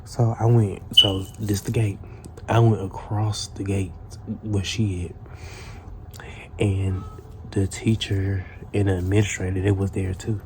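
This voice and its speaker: A man's voice: fairly low pitch, flat delivery, normal speed, darkish tone, a little hiss or hum. A man telling a casual storytime tale in a profane, rambling way, full of restarts.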